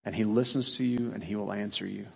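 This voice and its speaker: A man's voice: lowish voice, steady tone, fast talker, vocal fry, husky, long reverb tail. A male pastor preaching a sermon, earnest and emphatic, asking his listeners rhetorical questions.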